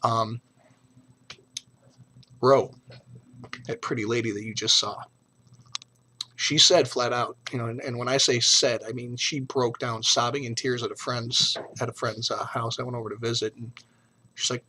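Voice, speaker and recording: A man's voice: mid-range voice, steady tone, normal speed, pauses often, pushed and bright, a little hiss or hum. A middle-aged man talking frankly and emotionally in a personal vlog, blunt and profane but earnest. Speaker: vlogger.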